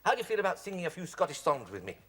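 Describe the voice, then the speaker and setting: A man's voice: on the high side, sing-song, very fast, a bit bright, slightly rough, heavily acted. A man voicing a cheeky, boisterous male fox puppet on a children's TV comedy, teasing and laughing at his own puns. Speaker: co-host. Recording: TV studio with live audience and music. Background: studio audience laughter and music.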